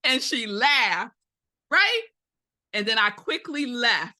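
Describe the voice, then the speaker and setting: A woman's voice: fairly high pitch, measured pace. A woman in her forties, a minister giving a Sunday sermon, telling stories and speaking directly to her congregation. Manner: animated storytelling, addresses congregation directly. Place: spiritual center service.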